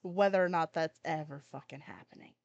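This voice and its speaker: A woman's voice: low-pitched, a little fast, dry recording, muffled recording. A woman hosting a gaming channel, rambling casually over gameplay and swearing now and then.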